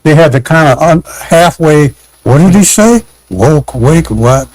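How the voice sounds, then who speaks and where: Male guest, slightly high-pitched, animated explainer who voices little scenes, dry close mic. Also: unhurried, no room sound, low-quality recording. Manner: animated storyteller, acts out quotes, laughs, many restarts. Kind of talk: casual chat.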